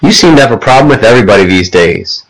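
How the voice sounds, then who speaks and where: A man's voice: on the low side, animated, fast, low-quality recording. A man voicing a caring but stern middle-aged mother in an audiobook, talking in an earnest, scolding way. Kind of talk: audiobook character voice.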